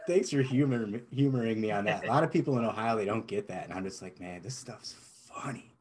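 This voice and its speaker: A man's voice: on the low side, quick pace, noisy background. A man from Wisconsin hosting a podcast interview, chatty and jokey, rambling as he goes. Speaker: podcast host. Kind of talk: casual interview chat.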